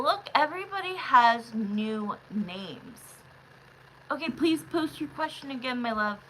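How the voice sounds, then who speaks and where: This woman runs a live tarot stream from home and talks in an unhurried, gushing way, calling her viewers love, honey and sweetheart. Her voice is bright and forward, and it now and then leaps into loud, excited bursts. Faint noise sits under her voice. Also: a little high, poor audio. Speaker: livestream tarot reader.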